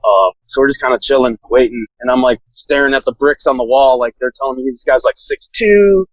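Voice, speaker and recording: A man's voice: medium pitch, brisk, no room sound, low-quality recording. A man telling a story in a casual, laid-back way, full of "like" fillers and laughing now and then. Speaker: podcast guest, SWAT officer.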